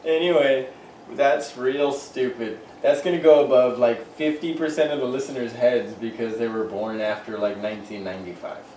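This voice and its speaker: A man's voice: mid-range voice, fairly even intonation, moderate pace, few pauses, dark tone, recorded from a distance. A middle-aged man co-hosting a casual podcast, joking and rambling with frequent laughs. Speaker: podcast co-host. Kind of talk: casual chat. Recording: roomy, off-mic, faint noise.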